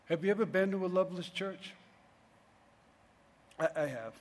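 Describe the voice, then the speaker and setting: A man's voice: high-pitched, normal speed, long reverb tail. A middle-aged man preaching a sermon in a loose, conversational way, often restarting his sentences. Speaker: pastor.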